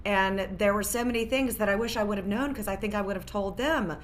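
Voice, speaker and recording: A woman's voice: medium pitch, a little fast, slight background noise. A woman in her forties, a divorce lawyer guest, telling her story earnestly with many fillers. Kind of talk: interview storytelling.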